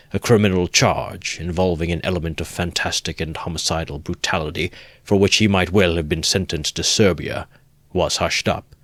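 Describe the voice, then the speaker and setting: A man reading aloud, voicing a pompous, long-winded middle-aged gentleman. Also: sits low, no echo.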